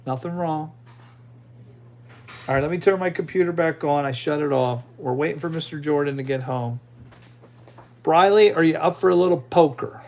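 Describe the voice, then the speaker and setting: A man's voice: on the high side, normal speed, vocal fry, pauses often, a little mellow. A man hosting a casual livestream, chatting loosely with his viewers and an AI assistant. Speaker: livestream host.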